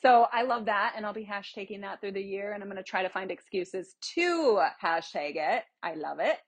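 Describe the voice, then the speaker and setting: Young woman, solo podcast host, chatty, rambling, mid-pitched voice. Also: expressive, normal speed. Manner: chatty, rambling, explains with examples. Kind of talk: casual solo podcast chat.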